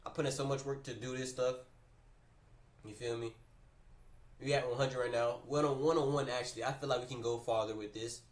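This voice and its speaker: A man's voice: medium pitch, brisk, long pauses. Slangy male streamer telling stories. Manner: animated, slangy, repeats phrases. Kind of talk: casual livestream storytelling. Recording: roomy, mic at a distance.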